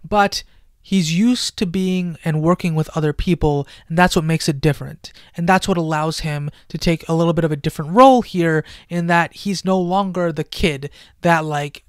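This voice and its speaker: Male reviewer, slightly high, animated, surges loud then goes hushed, dry room, headset mic. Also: moderate pace, smooth, dry recording. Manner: animated, swings between loud excitement and hushed near-whispers. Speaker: film reviewer. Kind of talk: excited casual film review.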